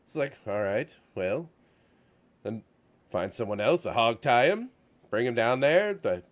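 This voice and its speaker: A man hosting a relaxed talk show, telling long, wandering stories about a video game. He restarts his sentences and piles on fillers as he goes. His voice sits in a middle pitch and sounds ordinary and conversational. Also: unhurried. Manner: rambling, animated storytelling with frequent fillers. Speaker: show host. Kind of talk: casual chat about video games. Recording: radio-show studio setup.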